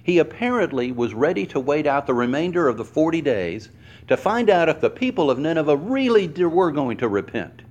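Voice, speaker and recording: A man preaching a sermon to a congregation, explaining word meanings slowly and stressing each word. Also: dull audio. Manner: animated, acts out quoted lines with pitch swings. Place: church hall before a congregation.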